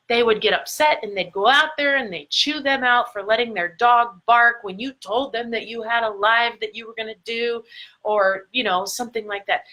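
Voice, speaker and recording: Woman, middle-aged, motivational speaker, bright clear tone, stretched emphatic words, recorded into a phone. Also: on the high side, low-quality recording. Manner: emphatic, drawn-out stresses on key words. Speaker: life coach. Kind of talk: motivational talk to camera. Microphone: phone or camera mic, recording a live video.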